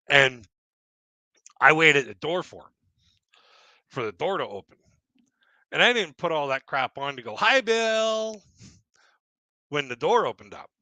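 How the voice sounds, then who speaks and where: A middle-aged man, a stand-up comedian, tells rambling stories on a live audio panel and chuckles at his own jokes. His mid-range voice sounds pushed and bright, and there's no echo.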